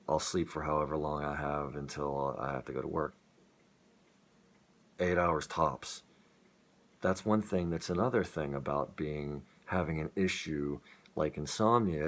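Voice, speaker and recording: A young man talking earnestly and rambling in a personal vlog about living with his illness. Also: extremely low pitch. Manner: rambling, earnest, with self-deprecating laughs. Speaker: vlogger. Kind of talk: rambling personal talk to camera.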